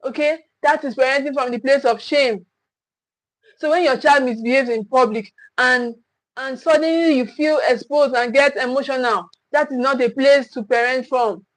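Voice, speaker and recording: A woman's voice: high voice, normal speed, dry recording, rough recording. A woman gives a livestream parenting talk. She speaks earnestly, repeats her points and acts out what parents say. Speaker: parenting coach.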